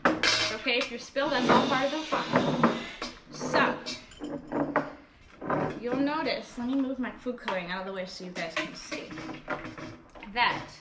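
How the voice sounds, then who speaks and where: A young woman teaching a music lesson to small children in a cheerful, slow and clear way, at home in her kitchen. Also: on the high side. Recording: echoey kitchen with clear background noise.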